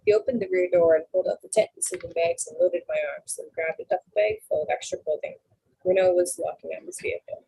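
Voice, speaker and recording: Husky, gravelly woman reading a novel aloud. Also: on the low side, fast, mellow, low-quality recording. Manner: unpolished reading with slips and self-corrections. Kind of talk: casual read-aloud narration.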